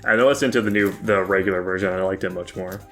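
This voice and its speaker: A man's voice: deep voice, quick pace, a bit bright. A man co-hosting a podcast, casually recounting how he listened to an album. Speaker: podcast co-host reviewing an album. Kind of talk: casual chat.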